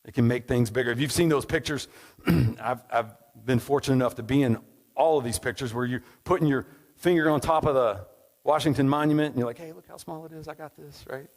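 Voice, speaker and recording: A man's voice: mid-range voice, a little fast, a little mellow, poor audio. Man preaching a conversational sermon. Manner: conversational, tag questions, storytelling.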